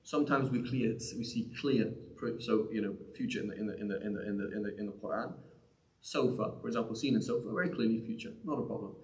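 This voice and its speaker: A man with a lowish voice teaching a live class on Arabic grammar in an echoey community room. He talks conversationally, checking in with "right?" and circling back over his words. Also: quick pace, a little mellow. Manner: conversational, often asks "right?", with frequent restarts. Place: mosque or community center room.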